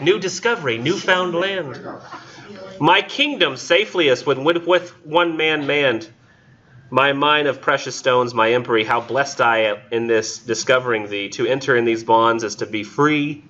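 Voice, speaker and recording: A man's voice: medium pitch, pushed and bright, highs cut off. A man teaching a college literature class, reading poems aloud and joking casually about them. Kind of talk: recorded classroom lecture.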